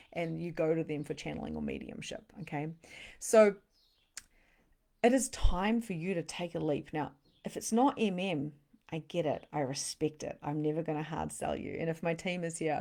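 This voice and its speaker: A woman with a somewhat low voice hosts a livestream as a spiritual coach. She is chatty and bubbly and reads out viewer comments between pitches. Now and then she drops to a hushed, breathy near-whisper for emphasis. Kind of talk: live-streamed sales pitch and chat.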